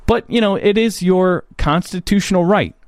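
Hoarse man ranting casually. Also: sits high, moderate pace, a little mellow, dry recording, studio quality. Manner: blunt, rambling, frequent fillers. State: hoarse, coughing. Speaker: political commentary host. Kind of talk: casual commentary.

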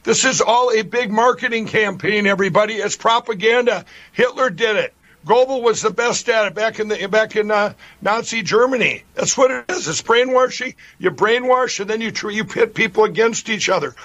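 A man with a high voice rants in a heated, emphatic way, hammering his points with repetition. The recording is dull and lo-fi. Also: moderate pace, fairly bright tone. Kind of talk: political rant. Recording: dull lo-fi clip.

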